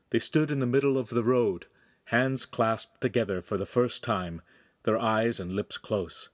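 A man reading a young adult novel aloud in calm, scripted narration. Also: medium pitch, a little slow, no echo, clean studio sound. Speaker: audiobook reader.

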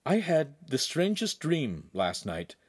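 A man's voice: on the high side, sing-song, moderate pace, a little mellow, no echo, studio quality, pitched above the performer's own voice. A man voicing an earnest teenage boy hero in an audiobook reading. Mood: hushed.

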